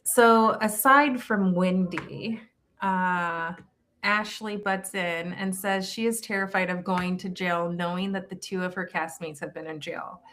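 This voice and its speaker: A middle-aged woman recaps reality TV on a podcast in a relaxed, gossipy ramble. She loops back, restarts her sentences and piles on asides. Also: on the low side, a little slow, slight background noise. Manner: chatty, gossipy, trails off and restarts. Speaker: podcast co-host. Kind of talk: casual reality-TV recap chat.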